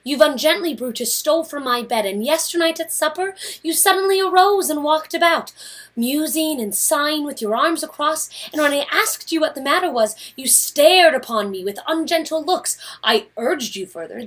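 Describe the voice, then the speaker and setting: A woman's voice: high voice, expressive, normal speed, a bit bright. A woman playing an indignant Portia. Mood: pleading. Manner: indignant, speaks of herself from the afterlife. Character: Portia, proud Roman noblewoman, sharp-tongued wife of Brutus.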